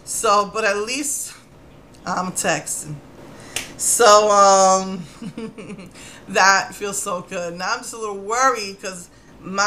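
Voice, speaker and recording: A woman in her thirties telling a chatty story in a casual vlog, animated and laughing often. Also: mid-range voice, takes it slowly, a little hiss or hum. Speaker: vlogger.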